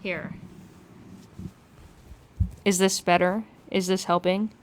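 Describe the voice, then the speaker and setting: A woman with a lowish voice talks slowly in a level tone, right up against a phone mic as she livestreams outside in the wind. Responding to viewers' chat, she rambles loosely, swears and keeps restarting her sentences.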